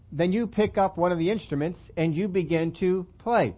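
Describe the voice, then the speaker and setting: A man's voice: sits high, normal speed, few pauses. Man preaching a casual sermon, lo-fi audio. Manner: conversational, self-deprecating, asks the congregation questions. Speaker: pastor.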